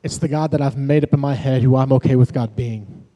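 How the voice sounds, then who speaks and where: A man's voice: medium pitch, steady tone, brisk, mellow. Man preaching a sermon in a reverberant hall. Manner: conversational preaching with personal stories. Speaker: pastor and worship leader. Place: church sanctuary. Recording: long reverb of a large hall.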